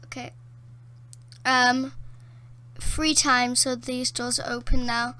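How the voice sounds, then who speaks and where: A woman giving casual gameplay commentary from a dark room at home, excitable, often gasping, laughing and exclaiming. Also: high-pitched, slow.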